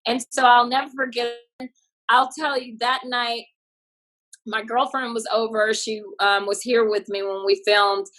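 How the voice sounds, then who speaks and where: Bright lively woman comic. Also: fairly high pitch, measured pace, rough recording. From Texas. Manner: lively, acts out voices in her stories. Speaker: comedian guest. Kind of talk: animated storytelling interview.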